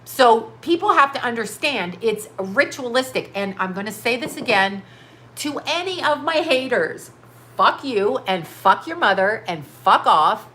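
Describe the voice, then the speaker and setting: A woman in her fifties on a livestream, pouring out an emphatic, profane rant with one rhetorical question after another. Her voice sits a bit high and rings bright and forceful. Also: lively intonation, a little slow, a little hiss or hum. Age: 50s. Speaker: livestream host.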